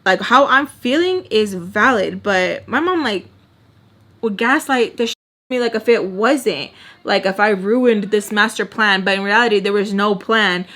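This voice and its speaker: A young woman telling a personal story in a casual storytime vlog, animated and exasperated, saying "like" constantly. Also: mid-range voice, unhurried. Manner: animated and exasperated, heavy use of "like". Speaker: storytime vlogger.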